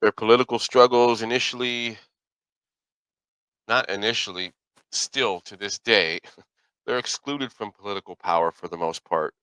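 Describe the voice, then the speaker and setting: Low, bright-toned man rambling casually. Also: moderate pace, long pauses, smooth, no room sound, low-quality recording. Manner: rambling, folksy, self-correcting. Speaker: podcast host. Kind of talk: casual solo commentary.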